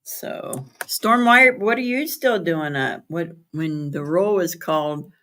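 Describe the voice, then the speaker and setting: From home, a woman hosts a casual live stream on her streaming setup, chatting with viewers, answering their comments by name, spelling words out and laughing often. Her voice is lowish and sharp, and she speaks slowly.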